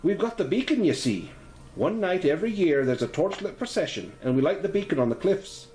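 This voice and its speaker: A man's voice: high voice, big pitch swings, fairly quick, darkish tone, reverberant, slight background noise, pitched above the performer's own voice. A man voicing a chatty village landlady with a put-on Scottish-sounding lilt. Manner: chatty, lilting, homely. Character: kindly village landlady, warm but guarded.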